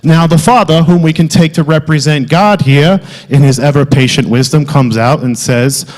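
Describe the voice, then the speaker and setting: A man playing a loud, wisecracking South Philly alter ego with a thick Philadelphia accent, delivering a comic sermon. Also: on the high side, normal speed, close to an everyday voice. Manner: exaggerated, wisecracking, loud street-corner banter. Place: theatre stage. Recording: long hall reverb.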